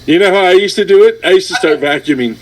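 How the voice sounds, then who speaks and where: A slightly high-voiced man searching for words. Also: lively intonation, quick pace, rough recording. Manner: searching for words, repeating himself. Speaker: video editor guest. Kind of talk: casual chat.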